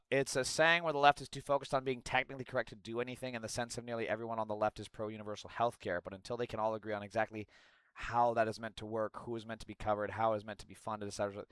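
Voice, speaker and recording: Bright, clear-voiced male streamer. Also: mid-range voice, dry recording, poor audio. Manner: animated, swearing, talking back to chat. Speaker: streamer reacting to an interview clip. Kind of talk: casual live-stream commentary.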